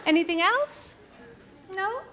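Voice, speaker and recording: A woman's voice: very high-pitched, animated, slow, bright, forceful tone, some chatter behind. A woman doing a stand-up comedy set on stage with a dry, matter-of-fact delivery. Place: stage before a live audience. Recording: live audience and room noise.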